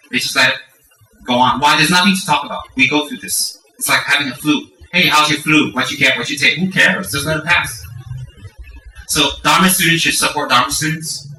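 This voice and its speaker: A middle-aged man giving a Dharma talk, candid and self-mocking, acting out lively stories. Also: mid-range voice, recorded from a distance, slight background noise. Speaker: Buddhist teacher. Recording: roomy echo from off-mic.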